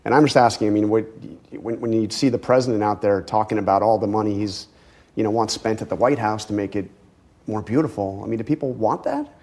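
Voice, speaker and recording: A man interviewing a politician, pressing and probing, with halting restarts. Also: fairly low pitch, steady tone, a little mellow.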